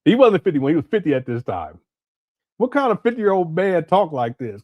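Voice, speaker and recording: Male live-stream host, lively up-and-down voice, dry close sound, laughs a lot while reacting. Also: high-pitched, fairly quick, no echo. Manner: laughs often, reacts to clips.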